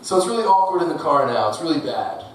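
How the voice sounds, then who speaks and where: A man performing a stand-up comedy set on a club stage, delivering jokes deadpan with laughing asides. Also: on the high side, fast talker. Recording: echoey club from a distant mic, audible noise.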